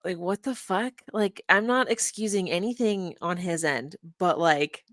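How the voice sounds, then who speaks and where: Rambling woman streamer with a low voice. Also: measured pace, a bit bright, no room sound, studio quality. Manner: rambling, swears freely, mutters to herself while searching. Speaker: streamer reviewing a live stream. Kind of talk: casual livestream chat. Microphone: desk microphone.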